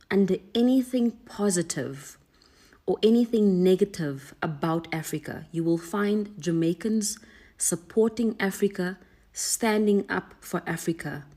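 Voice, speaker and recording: A woman speaks to the camera in a calm, measured, thankful way. Her voice is low and husky, with a gravelly edge and a dark tone. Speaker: social media commenter. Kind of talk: casual talk to camera.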